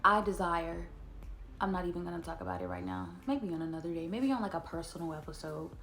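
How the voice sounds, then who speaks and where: A woman, chatting earnestly about scripture and slowing down to read verses aloud. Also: on the low side, very animated, fairly bright tone, faint music behind. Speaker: Bible study vlogger. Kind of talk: casual devotional talk to camera.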